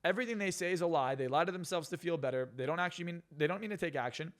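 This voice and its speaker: A man's voice: fairly high pitch, racing, fairly bright tone. A man on a podcast talking bluntly and profanely, ranting with strong opinions. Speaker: podcast guest. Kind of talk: casual podcast talk.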